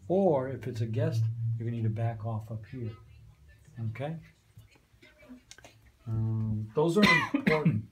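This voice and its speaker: A man's voice: mid-range voice, warm tone, slight background noise. A man training volunteers on a community radio studio's soundboard, patiently checking understanding as he goes. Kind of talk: hands-on training walkthrough.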